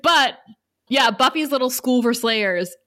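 A woman's voice: sits high, lively intonation, unhurried, sharp tone, no echo, studio quality. Giggly, tired woman podcast co-host. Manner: laughs often, loopy and joking. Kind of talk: casual podcast chat.

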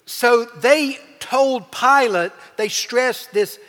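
A man preaching a sermon as pastor, with emphatic swings in pitch and loudness as he acts out the people he quotes. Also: big pitch swings, a little slow, hardly any pauses. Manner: preaching with emphatic shifts, acting out quoted voices. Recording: long hall reverb.

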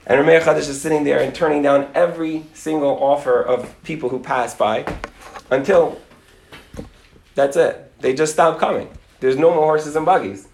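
A man's voice: on the high side, normal speed, gravelly, darkish tone, roomy sound, a little hiss or hum. A middle-aged man, a rabbi, telling a dramatic story and acting out its characters, dropping Yiddish and Hebrew words. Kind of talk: animated storytelling talk.

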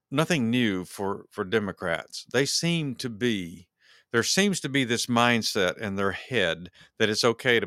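A man's voice: lowish voice, fairly bright tone, dry recording, studio quality. A man hosting his own podcast, giving solo political commentary in a heated, ranting way and repeating words as he works himself up. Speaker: podcast host.

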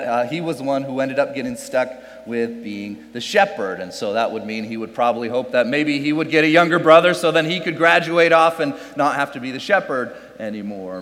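A man's voice: mid-range voice, fairly bright tone. A man preaching a conversational sermon, speaking casually and tossing out rhetorical questions to the congregation during a church service held on a farm. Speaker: pastor. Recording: long reverb of a large space.

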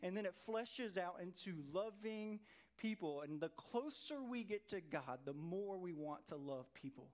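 A middle-aged man preaching a conversational sermon as pastor, animated and full of rhetorical questions. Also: high voice, unhurried. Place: church sanctuary.

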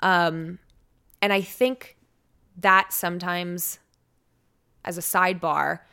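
This American woman in her twenties, a radio personality on a podcast, tells a personal story casually, peppering it with "like" and "um." Her low-leaning voice has vocal fry and a bright, forceful, clear and resonant tone, with fairly even intonation and a slow pace.

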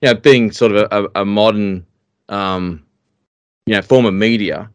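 A man's voice: on the low side, fairly even intonation, normal speed, clear, resonant tone, no echo. An Australian man hosting a podcast interview, asking long rambling questions full of fillers. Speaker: podcast host. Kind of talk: casual interview.

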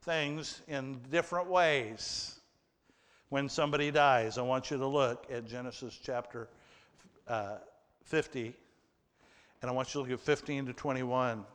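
Slow, emphatic preacher in a reverberant hall. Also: male voice, medium pitch, a bit bright, smooth. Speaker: pastor. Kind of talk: sermon with scripture reading.

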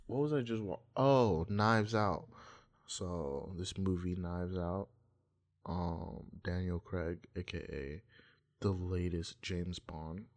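Low-pitched guy rambling solo, slow and drawn out, swears a lot, super offhand. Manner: profane, offhand, meandering. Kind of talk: rambling casual monologue.

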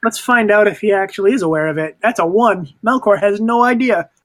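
A man with a fairly high voice plays in a tabletop game, describing his moves in a laid-back, joking way. He talks loosely and casually. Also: fairly quick, fairly bright tone. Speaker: player.

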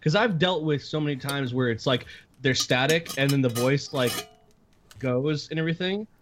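A man's voice: mid-range voice, normal speed, a bit bright. A man co-hosting a casual gaming chat, rambling with many restarts and fillers. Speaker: podcast co-host.

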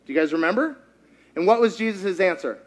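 A man preaching a sermon, animated, quizzing the congregation and acting out quotes. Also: high voice, brisk. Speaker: pastor.

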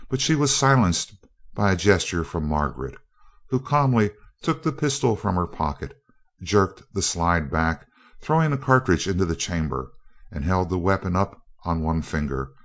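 A man reads a novel aloud as an audiobook narrator. His voice is very deep, and his pacing is steady and measured.

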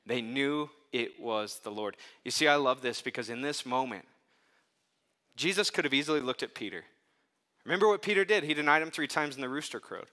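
Bright, forceful conversational male preacher. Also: mid-range voice, brisk. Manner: conversational, animated storytelling with casual asides. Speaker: pastor. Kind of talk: sermon.

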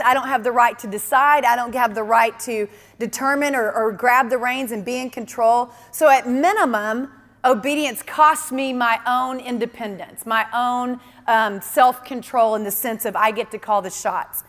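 A woman's voice: a little high, moderate pace, a bit bright, in a large hall. A woman preaching a sermon in an earnest, emphatic way, often repeating key phrases.

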